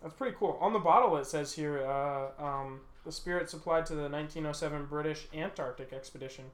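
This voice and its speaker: A man's voice: a little high, brisk. A man chatting casually at a tasting, rambling and hedging as he trails off. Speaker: tasting co-host. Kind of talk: casual chat.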